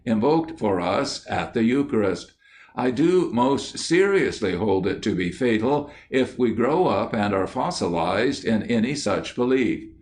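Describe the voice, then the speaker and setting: A man reading lectures aloud as an audiobook narrator, in a measured, unhurried way. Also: on the low side.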